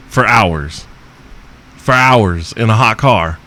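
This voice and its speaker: A man's voice: on the low side, lively intonation, takes it slowly, pauses often, bright, forceful tone. Foul-mouthed man ranting as podcast host. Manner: profane, joking, chuckles often. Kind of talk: crude comedic rant answering listener questions.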